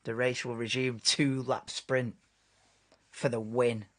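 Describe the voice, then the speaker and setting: A man's voice: medium pitch, little pitch movement, slow, a bit bright. Chatty man hosting a race stream. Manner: chatty, laid-back, talking over the live broadcast. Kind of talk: casual live-stream chat.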